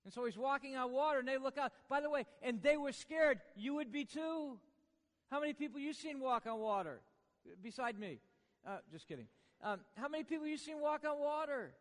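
A man preaching a sermon in a church, swinging from hushed lines to booming ones with joking asides. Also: expressive, brisk, in a large hall. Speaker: pastor.

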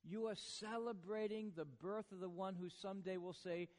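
A man preaching a sermon in a church, swinging from hushed lines to booming ones with joking asides. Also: steady tone, moderate pace, long reverb tail. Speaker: pastor.

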